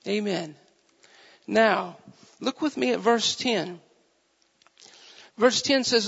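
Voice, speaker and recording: A man delivers a sermon, moving from scripture reading into earnest, repetitive preaching. His voice sits high and carries a strong gravelly fry. The recording sounds dull and muffled, with a long reverb trailing through a large hall. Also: slow, pauses often, a bit bright. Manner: reads scripture in old-fashioned wording, then preaches with rising fervor and repetition.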